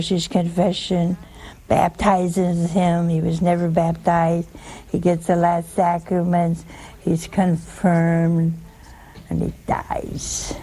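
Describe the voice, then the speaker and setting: Slow, gravelly-voiced woman preaching. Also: lowish voice, level tone, mellow. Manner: chatty, teasing rhetorical questions. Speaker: religious teacher. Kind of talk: folksy sermon.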